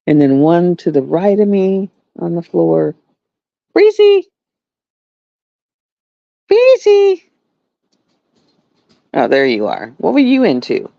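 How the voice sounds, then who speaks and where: A woman's voice: low-pitched, vocal fry, mellow, no echo, highs cut off. A woman from the chatting casually at home on a live stream, rambling and repeating herself. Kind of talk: casual chat. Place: home with pets.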